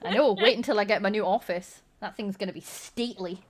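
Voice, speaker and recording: Woman, stream host, teasing, chatty, mid pitch. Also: fast talker. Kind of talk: casual chat.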